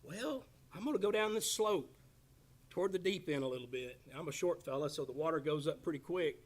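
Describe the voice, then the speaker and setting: A man in his fifties with a drawl leads a Bible class. His voice sits high for a man. He jokes, teases, and calls on people in the room as he talks. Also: brisk. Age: 50s. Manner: joking, animated, teasing the class by name. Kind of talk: casual Bible class teaching.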